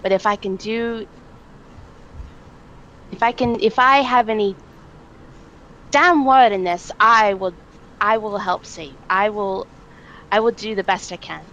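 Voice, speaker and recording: A woman voicing a determined woman, a former slave, who speaks in an emphatic, halting way. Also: medium pitch, fairly bright tone, highs cut off, a little hiss or hum. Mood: impassioned.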